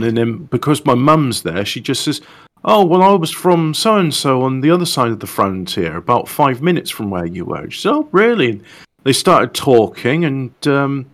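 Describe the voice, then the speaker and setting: A man's voice: medium pitch, fairly bright tone. Man rambling through a story. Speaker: co-host. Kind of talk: casual chat.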